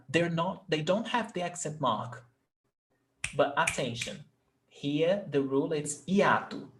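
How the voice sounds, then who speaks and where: A male Portuguese teacher with a fairly high-pitched voice gives an online lesson. He patiently explains grammar rules step by step and often checks that his student understands.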